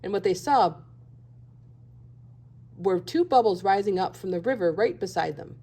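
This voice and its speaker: A woman teacher reading a children's picture book aloud with gentle expression. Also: mid-range voice, expressive, normal speed, slightly rough. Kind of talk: children's storybook read-aloud.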